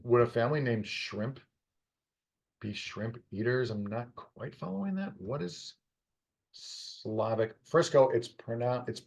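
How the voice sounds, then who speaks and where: A man's voice: medium pitch, vocal fry, darkish tone. A tired middle-aged man muttering to himself as he solves a puzzle on a live stream, teasing the puzzle's setter. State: tired, yawning. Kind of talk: casual live-stream commentary while solving.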